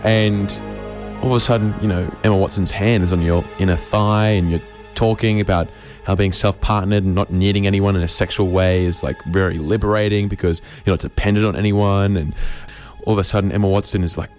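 A man's voice: low-pitched, fairly even intonation, brisk, darkish tone, faint music behind. An Australian man hosting a comedy radio show, spinning a rambling, absurd monologue with stammered restarts.

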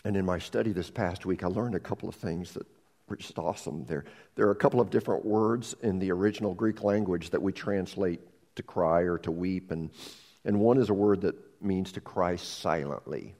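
A man preaching a sermon as pastor, moving between dramatic rises and hushed near-whispers, often repeating the first words of a phrase. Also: low voice, a little fast.

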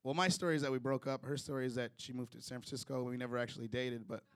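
A man's voice: medium pitch, fairly even intonation, very fast. A young man from Chicago doing a loose, chatty stand-up set with crowd work, chuckling through his own jokes. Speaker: stand-up comedian.

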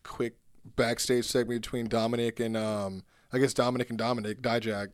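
A man co-hosting a podcast, chiming in with quick questions and laughs during casual banter. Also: medium pitch, little pitch movement, dry recording, studio quality. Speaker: podcast co-host.

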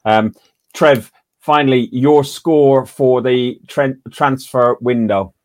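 A man's voice: medium pitch, slow pace, a little mellow, dry recording, studio quality. A man hosting a fan podcast, with a chatty manner full of stammered restarts. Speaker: podcast host. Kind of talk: casual podcast chat.

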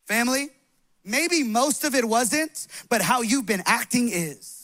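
A young male pastor preaches with a very high voice and a bright, ringing edge. He speaks loudly and with animated passion in a church hall, pushing his congregation to act. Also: unhurried. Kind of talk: sermon.

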